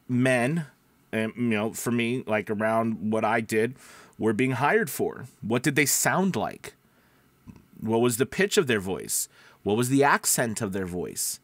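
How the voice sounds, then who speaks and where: A man's voice: mid-range voice, a bit bright, dry recording. A man with a somewhat nasal voice giving casual advice to voice actors, asking viewers questions as he talks. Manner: conversational, restarts, asks viewers questions. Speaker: voice-over coach. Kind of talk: casual advice talk to camera.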